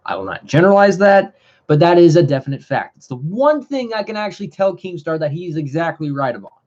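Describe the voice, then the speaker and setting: A man's voice: on the high side, sing-song, fairly quick, a little mellow, dull audio. A man hosting a commentary livestream, ranting in a heated, profane, rambling way with frequent restarts. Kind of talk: live commentary rant.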